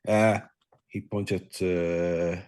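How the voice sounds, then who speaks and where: A man's voice: sits low, little pitch movement, very slow, darkish tone, clean tone. A man playing in a tabletop role-playing game, speaking casually and hesitantly, often stammering and restarting. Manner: hesitant, stammering, self-deprecating. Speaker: player.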